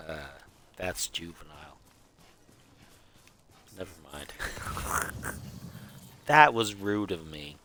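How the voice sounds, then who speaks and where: A man's voice: deep voice, expressive, slow, long pauses, bright, forceful tone. A man streaming a game, chatting casually in a goofy, rambling way and chuckling at his own jokes. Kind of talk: casual live gameplay chat.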